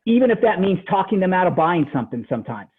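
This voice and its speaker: Guy with a high husky voice hyping up realtors, keeps saying right?, tinny phone line sound. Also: fast talker. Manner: animated, repeats "right?" after each point. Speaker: real estate trainer. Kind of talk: motivational training talk.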